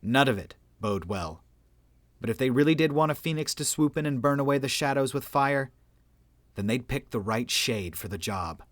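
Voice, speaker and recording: A man narrating a sci-fi audiobook in an even, steady storytelling voice. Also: medium pitch, normal speed, slight background noise.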